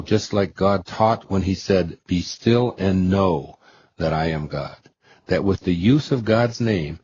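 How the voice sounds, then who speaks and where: A man narrating a spiritual self-help book aloud in a slow, measured, reverent way. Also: deep voice, darkish tone, highs cut off, a little hiss or hum. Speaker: audiobook reader.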